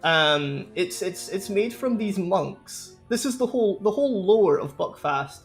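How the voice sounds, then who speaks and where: A man's voice: high-pitched, expressive, measured pace, faint music behind. A young man chatting casually with his stream viewers, rambling and laughing often. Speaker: live streamer.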